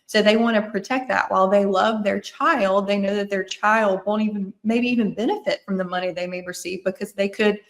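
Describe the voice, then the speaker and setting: A woman with a Mississippi accent talks in a podcast interview as a lawyer walking listeners through a legal process. Her voice sits at an ordinary middle pitch, and she is earnest and thorough, circling back to stress her points. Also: fairly even intonation, fairly quick, few pauses. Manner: earnest, explanatory, restates points. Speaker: estate planning attorney, guest.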